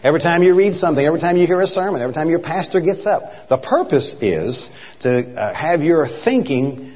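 A man's voice: a little high, big pitch swings, fairly quick. An older man with an Oklahoma accent, a traveling minister preaching in a folksy way, repeating words and building to emphatic rhythmic points. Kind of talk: sermon. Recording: dull lo-fi church hall recording.

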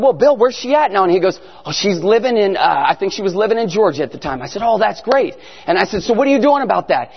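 A man's voice: sits high, slightly rough. A man preaching, telling a funny story and acting out both sides of a conversation. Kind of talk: humorous sermon story. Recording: dull sound in a large reverberant hall.

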